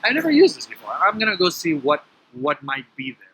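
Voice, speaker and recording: A man being interviewed tells a story in a lively, conversational way, acting out the dialogue. He is sitting outside at his home. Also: on the high side, brisk, slightly rough, low-quality recording. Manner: animated, acts out quoted dialogue. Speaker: interview guest. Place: outdoor terrace at his home.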